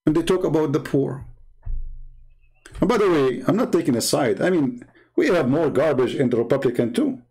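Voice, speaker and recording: Combative Arabic-accented man, higher voice. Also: lively intonation, moderate pace, pauses often, warm tone, breathy edge, faint music behind, low-quality recording. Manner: combative, mocking, name-calling. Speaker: online commentator. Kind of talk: heated political monologue.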